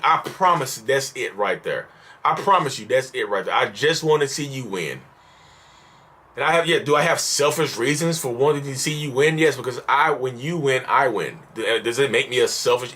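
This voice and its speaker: A man's voice: medium pitch, pushed and bright, breathy edge. A man ranting in an exasperated, repetitive, pleading way at his viewers in a vlog monologue, calling them y'all. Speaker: mental health vlogger.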